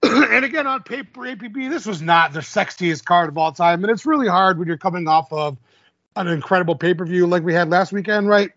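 A man's voice: high-pitched, a little fast, a bit bright, no echo, dull audio. A man co-hosting a podcast, recapping fight results in casual chat and laughing often. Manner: chatty, laughs often, filler-heavy. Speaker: podcast co-host.

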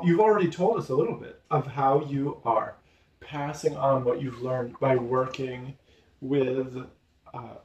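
An educator interviewing a former student in a casual talk, affirming and quick to laugh. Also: medium pitch, reverberant, far from the mic, a little hiss or hum. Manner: warm, affirming, laughs easily.

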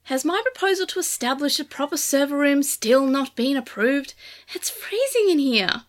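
A woman's voice: sits high, moderate pace, fairly bright tone. A woman voicing a wry, blunt young woman researcher in a storybook reading, griping and teasing.

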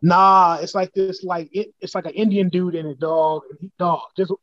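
A man's voice: high voice, fairly even intonation, moderate pace, a bit bright, dry recording, dull audio. A man co-hosting a casual podcast chat, rambling through slangy stories with lots of fillers. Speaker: podcast co-host.

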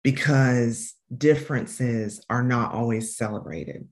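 A woman with a Southern American accent, answering interview questions as an education consultant and coach in an earnest, emphatic way, slowing down to stress key phrases. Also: extremely low pitch.

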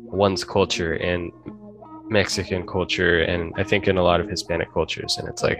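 A man's voice: deep voice, level tone, normal speed, a bit bright, soft background music. A man hosting a podcast in a casual discussion, talking earnestly and bluntly and often correcting himself as he goes. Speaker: podcast host.

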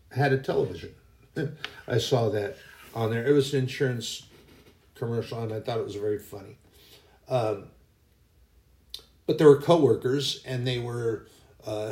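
A man's voice: medium pitch, dark tone, reverberant. A man hosting a casual faith podcast, telling anecdotes in a rambling way that often corrects itself. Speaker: podcast host.

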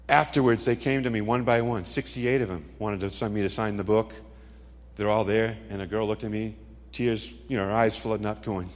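A middle-aged man giving a dramatic testimony sermon, telling stories with punchy asides. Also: mid-range voice. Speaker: Christian speaker. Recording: long hall reverb.

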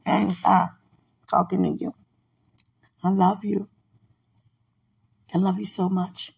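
A woman's voice: mid-range voice, little pitch movement, takes it slowly, vocal fry, a little mellow, husky. A woman hosting a podcast, mixing casual prayer with playful, teasing banter and frequent laughter. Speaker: podcast host.

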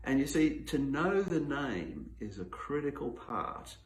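A man preaching a teaching sermon, explaining points step by step in an unhurried, teacherly way. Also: medium pitch, very animated. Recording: roomy echo.

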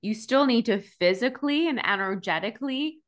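A woman podcast host talking in a chatty, expressive way in a casual interview. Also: on the high side, a little fast.

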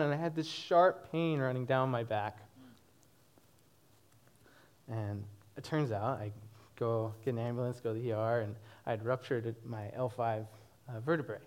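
A young man in his twenties giving a personal testimony to a church congregation, animated and often laughing as he tells it. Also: medium pitch.

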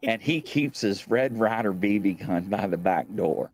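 Brief: Midwestern man, livestream host, lively up-and-down delivery, dry close sound, rambling and laughing. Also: fairly low pitch, measured pace, no room sound. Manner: rambling storyteller, laughs and swears often. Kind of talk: casual live-stream chat.

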